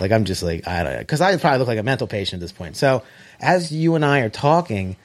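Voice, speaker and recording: In a casual chat, a man tells a long story at a fast clip in a mid-range voice, animated, swearing, and acting out the quoted dialogue.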